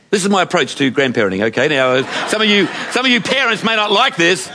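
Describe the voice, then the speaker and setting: Bright high-voiced Australian grandfather preaching. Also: animated, fast talker, few pauses. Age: older. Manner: chatty storytelling, asks the audience questions. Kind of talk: sermon.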